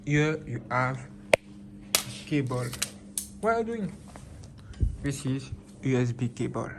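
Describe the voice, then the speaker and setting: A man's voice: medium pitch, sing-song, takes it slowly, very noisy. A man filming an unboxing vlog on a phone, exclaiming in disbelief and repeating himself. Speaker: vlogger. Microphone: phone camera.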